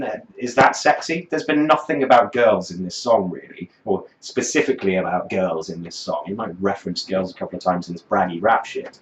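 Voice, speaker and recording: A man's voice: deep voice, a little fast, hardly any pauses. A man reviewing a song in a scornful, sardonic rant, swearing freely as he picks it apart. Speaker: music reviewer. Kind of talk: profane reaction commentary. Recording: roomy, dull lo-fi sound.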